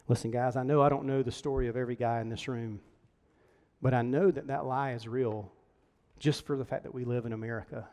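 Male pastor, 30s, conversational sermon voice, mid pitch, long hall reverb. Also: fairly even intonation, brisk, a little mellow. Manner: storytelling, conversational, earnest.

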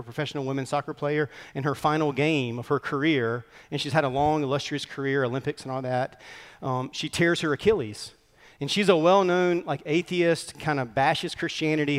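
A man preaching a sermon as pastor, earnest and conversational with quick asides. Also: a little high, long reverb tail. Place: church sanctuary.

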